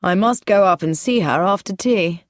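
A woman voicing a charming dark-haired man who speaks slowly, quietly and teasingly in a read-aloud story. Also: medium pitch, no room sound, studio quality, natural voice. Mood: wry.

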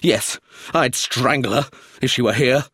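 A man voicing an emotional, excitable middle-aged man in a read story, speaking in an agitated way. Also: on the low side, normal speed, breathy edge, no room sound, clean studio sound.

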